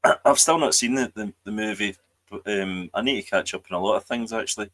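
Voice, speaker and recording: A man's voice: fairly low pitch, fast talker, a bit bright, poor audio. A man co-hosting a podcast, chatting casually about films and TV with wry, dry remarks. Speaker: podcast co-host.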